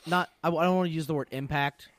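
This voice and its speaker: A man's voice: on the high side, steady tone, quick pace, no echo. Blunt, profane man, dry close sound. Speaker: podcast co-host. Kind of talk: casual chat.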